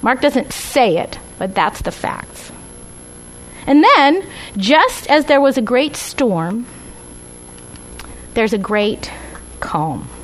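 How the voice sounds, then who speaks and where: A woman's voice: a little high, very animated, slow pace, long pauses, a little hiss or hum, poor audio. A woman teaching a Bible study class with slides, talking conversationally and often checking in with "right?" and "okay?".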